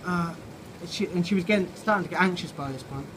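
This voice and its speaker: A man's voice: high-pitched, fast talker. A man reading his own children's story aloud, tipsy and improvising, swearing and laughing as he goes, recorded outside a pub. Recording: loud outdoor background noise.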